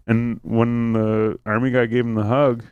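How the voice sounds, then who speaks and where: A man's voice: medium pitch, little pitch movement, unhurried, smooth, no echo, narrow, tinny audio. A man hosting a podcast, telling a long story in casual chat, swearing freely and piling on fillers. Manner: swears a lot, rambling storytelling with many fillers. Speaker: podcast host.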